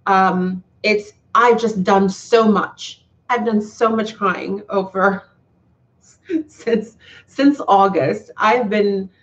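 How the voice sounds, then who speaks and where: A YouTuber talks with her live chat in a casual stream, her medium-pitched voice moving very slowly. She comes across as heartfelt and earnest, often restarting her sentences, and the sound is slightly dull and lo-fi.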